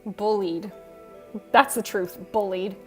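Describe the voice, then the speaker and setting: A woman hosting a casual livestream, reading chat aloud and teasing viewers with frequent laughs. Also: mid-range voice. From United States. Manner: teasing, quick, laughs often. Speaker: livestream host. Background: soft background music.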